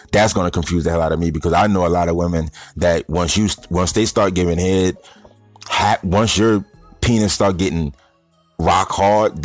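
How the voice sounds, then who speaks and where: Deep-voiced man ranting bluntly. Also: no echo. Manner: blunt, rambling, conversational. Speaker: vlogger addressing stoner audience. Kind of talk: casual opinion monologue.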